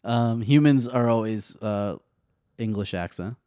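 A man's voice: lowish voice, measured pace, dark tone, clean tone, no echo, clean studio sound. A man in casual chat, laughing often and asking playful questions.

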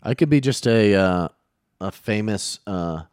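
A man in casual comedic banter, deadpan and teasing, riffing on silly bits. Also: fairly low pitch, unhurried, clean tone, no echo, studio quality.

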